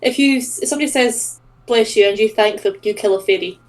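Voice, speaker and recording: A woman's voice: medium pitch, quick pace. A woman chatting and giggling as a player in a tabletop game. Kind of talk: casual chat while playing a tabletop game.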